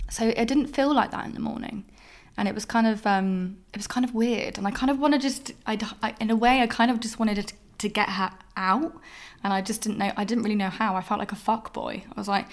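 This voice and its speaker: Young woman telling stories on her own podcast, speaking in a frank, loose, meandering way and leaning on "like" constantly. Her voice sits at an ordinary middle pitch for a woman. It is relaxed, unscripted solo talk recorded at home. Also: fairly quick. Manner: candid, rambling, heavy use of "like". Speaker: podcast host. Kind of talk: casual solo podcast monologue. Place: her flat.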